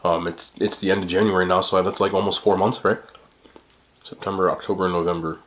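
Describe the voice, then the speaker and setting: Man, New York accent, tired, lowish voice, chatty, laughs a lot, late-night vlog. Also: little pitch movement, brisk. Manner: chatty, self-deprecating, laughs often. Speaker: mukbang vlogger. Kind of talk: casual late-night rambling to camera.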